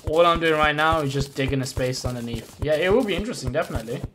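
A man's voice: on the high side, fast, slight background noise. A man live-streaming a game in casual chat, thinking aloud and greeting and thanking viewers as he plays.

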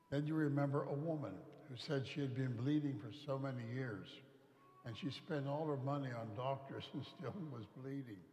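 A man's voice: mid-range voice, darkish tone. A middle-aged male priest, preaching a homily in a folksy, storytelling way. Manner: folksy storytelling, acts out quoted voices. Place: large church. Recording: echoey church from a distance.

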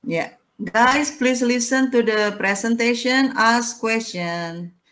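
A woman's voice: fairly high pitch, slow pace, fairly bright tone. A woman with an Indonesian accent teaching an online English class, coaxing her students to answer. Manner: coaxing, encouraging. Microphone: video call.

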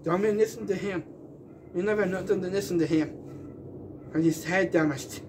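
A man's voice: sits high, brisk, a little mellow, a little hiss or hum. A man giving a rambling, defiant public rant, emphatic and repeating himself.

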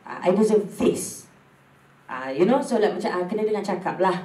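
A woman's voice: medium pitch, animated, a little fast, mellow, echoey room, distant mic, poor audio. A Malaysian woman talking candidly as a guest, moving between English and Malay. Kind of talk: casual talk show chat.

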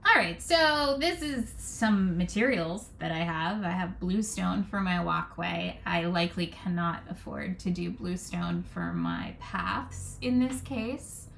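A woman's voice: fairly low pitch, very animated, slow pace, gravelly, hardly any pauses, a bit bright, slight background noise. A woman talking through garden design ideas as a vlogger, thinking aloud with frank opinions and frequent restarts. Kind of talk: casual rambling commentary.

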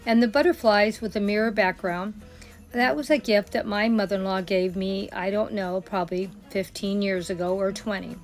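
A woman's voice: mid-range voice, fairly even intonation, normal speed, soft background music. An older woman chatting in a friendly way as a home decor vlogger. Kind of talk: casual decorating vlog.

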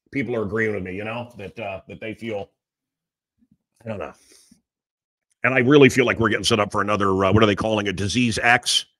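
A man hosting a live talk show from a small studio, ranting in an animated, mocking way. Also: fairly low pitch. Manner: animated, mocking, mimics voices. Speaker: radio host. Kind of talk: ranting monologue.

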